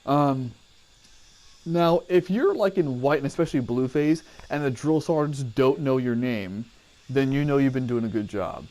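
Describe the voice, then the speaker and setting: A man's voice: mid-range voice, normal speed, darkish tone. A man telling a personal story casually, rambling, cursing and often correcting himself.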